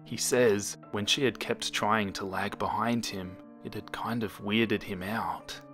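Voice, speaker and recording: A man narrates a creepypasta horror story in a slow, hushed delivery. His voice sits low, and he lets it sink to a whisper in tense moments. Faint music plays beneath him. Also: steady tone.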